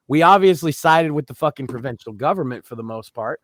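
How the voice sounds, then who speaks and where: A man co-hosting a casual political chat show, talking bluntly with lots of swearing and emphatic, rough-edged opinions. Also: fairly high pitch, fairly quick, no room sound, studio quality. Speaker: podcast co-host.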